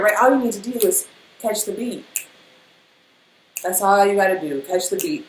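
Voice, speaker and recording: A woman's voice: mid-range voice, normal speed. Woman, spiritual reader, casual and emotional motivational talk; echoey room with faint noise. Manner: emotional, animated, speaks in rhythm with many fillers.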